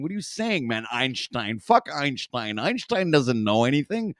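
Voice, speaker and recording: A man's voice: mid-range voice, sing-song, moderate pace, few pauses, no echo, studio quality. A man hosting a talk stream, reacting to a video with rambling, profane commentary full of fillers and swearing. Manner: swears constantly, rants and trails off with fillers.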